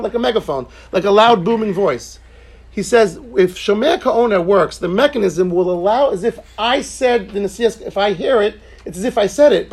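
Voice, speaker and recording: A man's voice: high voice, a little mellow, husky. A man teaching an informal Talmud class, explaining points conversationally with joking asides and frequent restarts.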